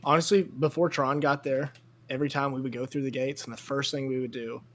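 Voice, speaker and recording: A young man co-hosting a casual podcast. He talks in an offhand, relaxed way and says "like" a lot. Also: medium pitch, brisk. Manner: relaxed, offhand, uses like often. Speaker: podcast co-host.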